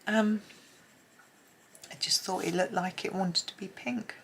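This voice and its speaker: A woman hosting a colouring tutorial, chatting as she works and often dropping to a soft near-whisper. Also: medium pitch, steady tone, unhurried, a little hiss or hum. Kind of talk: relaxed colouring tutorial narration.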